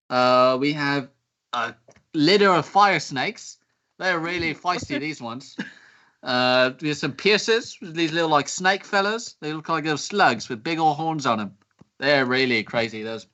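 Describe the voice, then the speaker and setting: A man's voice: fairly high pitch, sharp tone. A man voicing a chatty male elf pet shop owner with an Australian accent and rambling sales patter, on dull lo-fi audio.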